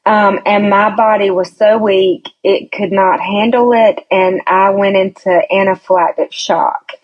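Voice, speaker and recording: A woman's voice: medium pitch, steady tone, a little slow, lo-fi sound. A woman guest telling a personal story in a casual interview. She chats freely, acts out what others said, and laughs often. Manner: chatty storyteller who acts out quoted voices, laughs often. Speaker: podcast guest.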